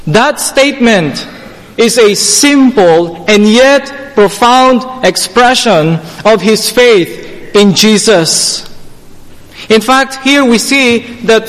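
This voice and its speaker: A man preaching a sermon in a slow, deliberate, emphatic way that rises to fervent pleading. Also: very high-pitched, a bit bright. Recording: long hall reverb.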